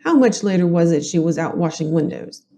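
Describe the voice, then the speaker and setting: A woman's voice: lowish voice, expressive, a little fast, dark tone. A woman with a Southern US accent reading a male inquest questioner's formal, probing questions. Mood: questioning.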